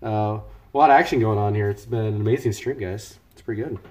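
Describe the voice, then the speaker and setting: A man's voice: lowish voice, fast talker, a little mellow. A man from the United States hosting a home cooking live stream, chatting casually and greeting viewers by name as he cooks.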